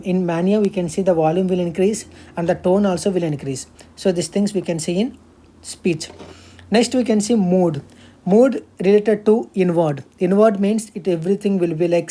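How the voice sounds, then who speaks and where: A woman's voice: on the low side, mellow. A young woman giving a recorded medical exam-prep lecture, explaining step by step with many fillers and restarts.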